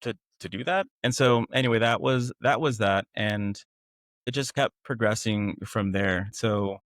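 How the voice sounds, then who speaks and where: A man, a podcast guest, candidly recounting a painful past relationship with animated retelling and frequent laughs at how absurd things were. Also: lowish voice, unhurried, no room sound, clean studio sound. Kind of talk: candid personal storytelling.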